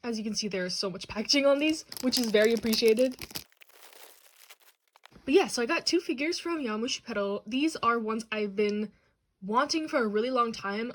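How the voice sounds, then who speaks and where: A young woman with a slightly high voice hosts a casual unboxing vlog. She talks chattily and bubbles over with excitement, gushing about her favorite items. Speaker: channel host. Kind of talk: manga haul and unboxing vlog.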